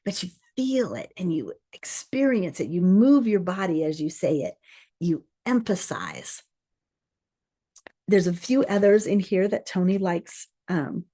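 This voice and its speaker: A woman's voice: lowish voice, mellow. A woman hosting a self-improvement session, coaching a group in an earnest, conversational way with frequent fillers and restarts. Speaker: course host. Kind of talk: coaching talk to a live group.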